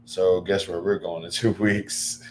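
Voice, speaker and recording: A man chatting casually on a livestream, rambling with lots of fillers and breaking into excited bursts. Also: sits low, a little slow, a little hiss or hum.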